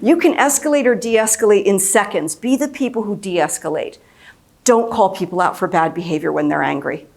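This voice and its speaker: A woman in her fifties delivers a conference lecture as a mediator. She talks emphatically, hammering on key phrases and repeating them. Her pitch sits in an ordinary middle range. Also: moderate pace, creaky. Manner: emphatic and repetitive, acts out quoted speech.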